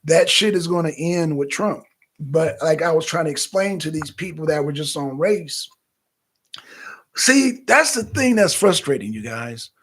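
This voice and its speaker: Give me an animated man doing casual political commentary as a talk show host, with a slightly high voice. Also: a little slow, husky. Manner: animated, rambling, repeats himself.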